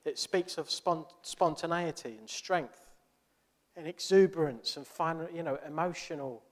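A man preaching in a church in an earnest, conversational way, often asking his listeners questions. His voice sits a little high, and it trails off into a long church reverb. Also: measured pace. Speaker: pastor. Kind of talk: sermon.

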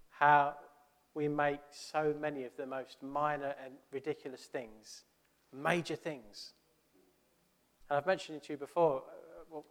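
A man preaching in a church in an earnest, conversational way, often asking his listeners questions. His voice sits a little high, and it trails off into a long church reverb. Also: fairly bright tone. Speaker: pastor. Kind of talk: sermon.

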